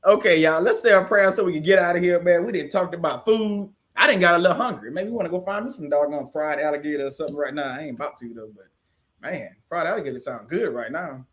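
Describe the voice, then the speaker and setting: A man's voice: a little high, quick pace, fairly bright tone. A man from the casually hosting a livestream, chatting with viewers and answering their comments, often laughing. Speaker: livestream host.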